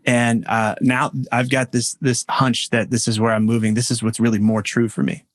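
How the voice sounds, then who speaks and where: A man, a men's coach, speaking as a podcast guest in a reflective, storytelling way with halting restarts. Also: mid-range voice, level tone, no echo, clean studio sound. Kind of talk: podcast interview.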